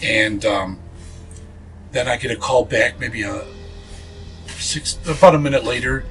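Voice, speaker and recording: A man's voice: medium pitch, a little slow, fairly bright tone, faint music behind, low-quality recording. A man being interviewed as a paranormal investigator, telling a ghost story earnestly, with many fillers and restarts.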